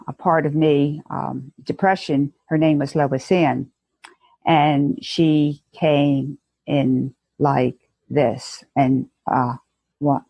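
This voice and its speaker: A woman guest speaking earnestly in a conversational interview, telling stories and acting out inner voices, with a husky voice. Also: deep voice, a little mellow, no echo. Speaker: guest educator.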